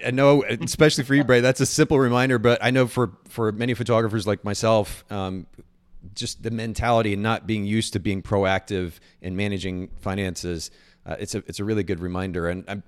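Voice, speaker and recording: A man hosting a podcast, chatting enthusiastically and often restarting his sentences. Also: lowish voice. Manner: fast, enthusiastic, repeats words and restarts. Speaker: podcast host. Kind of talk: casual interview chat.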